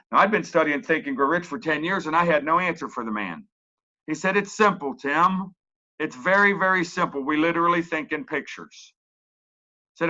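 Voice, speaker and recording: A man, his voice a little high and very bright. He coaches a webinar audience in a folksy, emphatic manner and hammers his points home by repeating them. The recording sounds muffled and lo-fi. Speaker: real estate coach. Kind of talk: webinar presentation.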